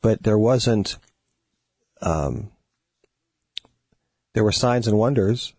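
Man, gravelly, dark husky voice, dry sound, agreeable co-host. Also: fairly low pitch, extremely slow, dry recording. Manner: agreeable, frequent short affirmations. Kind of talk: casual Bible discussion.

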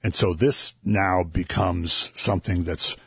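A man chatting casually about scripture on a talk show, relaxed and chuckling as he tells stories. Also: sits low, unhurried, breathy edge, no room sound, studio quality. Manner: conversational, chuckling, relaxed storytelling. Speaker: co-host discussing scripture. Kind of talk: casual Bible discussion.

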